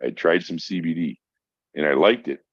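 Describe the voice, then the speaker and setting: A man's voice: extremely low pitch, moderate pace, dry recording. A man, a podcast guest who works in mental health, tells a story in a casual, emphatic and profane way. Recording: dull lo-fi dry sound.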